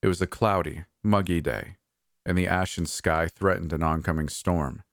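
A man narrating a first-person horror story in a calm, measured, slightly wry way. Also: low-pitched, no room sound, studio quality.

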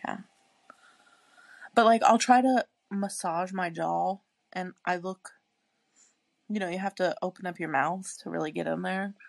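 Woman, gravelly voice, blunt casual chat, swears a lot, dry close sound. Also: lowish voice, measured pace, pauses often, no room sound. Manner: blunt, swears freely, laughs often. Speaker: podcast co-host; married mother.

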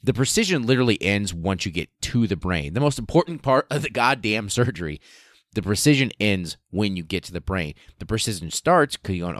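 Sex: male. Role: podcast host. Style: casual storytelling. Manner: profane, comedic. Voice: very low. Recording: dry. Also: lively intonation, fairly quick, dry recording.

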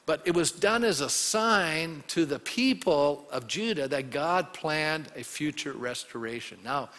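A male pastor preaching a sermon in a lively, conversational way, often asking the congregation questions. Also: a little high, unhurried. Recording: long hall reverb.

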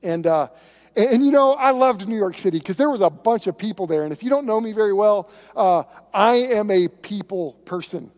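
High-voiced male pastor preaching. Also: expressive, moderate pace, darkish tone, big-room sound. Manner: conversational, emphatic preaching with storytelling. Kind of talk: sermon.

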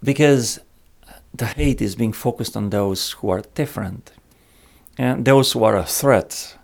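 A man talking slowly and reflectively about a Bible passage, pausing often with fillers. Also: medium pitch, creaky. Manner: slow and reflective, many pauses and fillers. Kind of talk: Bible study discussion.

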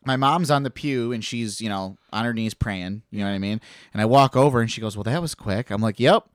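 A man's voice: fairly low pitch, brisk, clean tone, no echo. A man spins a long personal story in loose, profane podcast talk. He jumps into the voices of the people he quotes. The sound is dry and close, with no room around it. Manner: animated, swearing, acts out quoted voices. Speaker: podcast guest telling a story. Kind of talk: casual storytelling chat.

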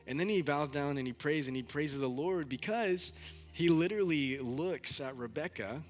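A young man, a pastor, preaching a sermon with animated storytelling and candid asides. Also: a little high, normal speed, faint music behind.

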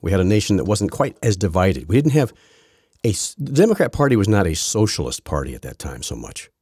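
A man's voice: low voice, very animated, a little fast, darkish tone, slightly rough, no echo, clean studio sound. A man hosting a political podcast, talking in a rambling, sarcastic way with many restarts. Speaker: podcast host. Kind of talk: casual political commentary.

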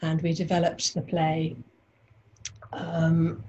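Woman, sixties, from London, lowish voice, wry, anecdotal, halting. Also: completely flat delivery, dark tone, dull audio. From London, England. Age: 60s. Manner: wry, anecdotal, hesitant with fillers. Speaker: guest, playwright and actress. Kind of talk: conversational interview.

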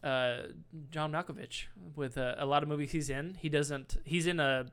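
A man's voice: a little high, fairly even intonation, normal speed, a bit bright, smooth. An American man co-hosting a casual podcast, teasing friends and telling long stories. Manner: teasing, storytelling. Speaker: podcast co-host. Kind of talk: casual chat.

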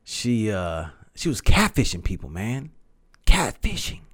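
A man in his thirties hosting a podcast, telling a story in a rambling, animated way and swearing freely. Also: lowish voice, measured pace, breathy edge. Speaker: podcast host. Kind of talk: casual storytelling monologue.

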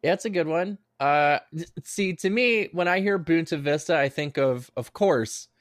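A young man co-hosting a comedy podcast, joking in a dry, deadpan, mock-naive way. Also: a little high, normal speed, no echo. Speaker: podcast co-host. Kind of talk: casual comedy podcast chat.

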